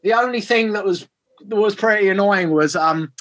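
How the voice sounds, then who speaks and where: A man with a voice pitched a little above the usual answers an interviewer's questions. He rambles loosely, stacking fillers and false starts as he thinks aloud. The feel is relaxed conversation. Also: moderate pace. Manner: rambling, many restarts and fillers. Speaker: film director.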